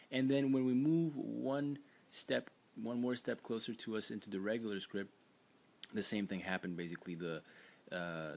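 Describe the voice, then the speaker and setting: A man's voice: low-pitched, slight background noise. A man teaching a lesson in an unscripted, explanatory way, with frequent fillers and restarts as he points things out on screen. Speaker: language teacher. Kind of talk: screen-recorded lesson narration.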